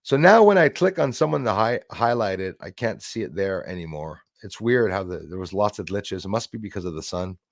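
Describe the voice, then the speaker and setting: Low-voiced man hosting a live stream. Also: expressive, a little fast, gravelly, hardly any pauses, no room sound, clean studio sound. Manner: rambling, greets chat viewers by name. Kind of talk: casual live-stream chat.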